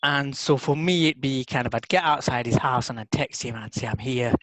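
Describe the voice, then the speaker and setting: A man, a podcast co-host, telling a story in casual chat with lively repeats and restarts. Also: mid-range voice, brisk, no echo, rough recording. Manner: animated storyteller, repeats words when excited. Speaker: podcast co-host, NLP practitioner.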